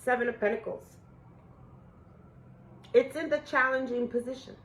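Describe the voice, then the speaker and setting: A woman doing a casual spiritual tarot reading for her viewers, emotional and a little profane, swinging between excited outbursts and hushed awe. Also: on the high side, moderate pace, low-quality recording. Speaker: tarot reader.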